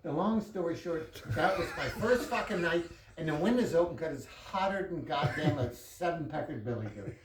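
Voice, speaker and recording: A man's voice: on the high side, lively intonation, moderate pace, hardly any pauses, reverberant, recorded from a distance, background noise. A man telling a long personal story in casual, profane talk, laughing as he goes.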